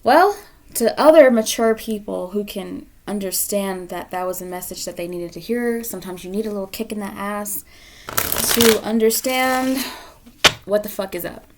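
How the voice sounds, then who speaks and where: A woman's voice: mid-range voice, normal speed, slight background noise. A woman doing a pick-a-card tarot reading, scolding the viewer bluntly with frequent swearing. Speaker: tarot reader.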